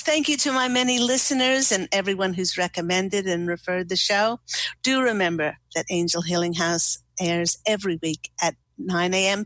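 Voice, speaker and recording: A woman's voice: mid-range voice, a bit bright, dry recording. Soothing woman radio card reader. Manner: gushing, slow and soothing, drawn-out emphasis. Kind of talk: spiritual card reading with a caller.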